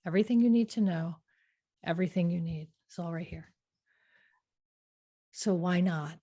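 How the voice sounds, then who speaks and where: A woman's voice: on the low side, normal speed, mellow. A woman hosting a podcast, giving a motivational talk and often checking in with "right?". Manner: repetitive, asks "right?" often. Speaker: podcast host.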